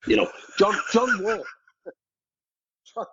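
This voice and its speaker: A husky middle-aged man recounts old stories in loose, casual chat, peppered with swearing and chuckles. The audio is dull and lo-fi, like a modest podcast recording. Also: high voice, drawn-out words, a bit bright. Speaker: former footballer, guest. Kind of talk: casual anecdote telling.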